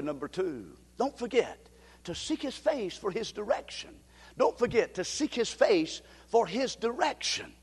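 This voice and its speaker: A male pastor preaching a sermon in a church, with emphatic delivery that surges into shouts. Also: high voice, lively intonation, moderate pace, big-room sound. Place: church sanctuary.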